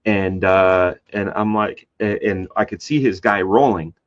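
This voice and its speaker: A man, a comic book artist, telling a rambling story in casual conversation, jumping into high voices to act out quotes. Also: a little slow. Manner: animated, acts out quoted voices with big pitch jumps; loose and rambling with many fillers and restarts. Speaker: guest. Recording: slightly dull lo-fi sound.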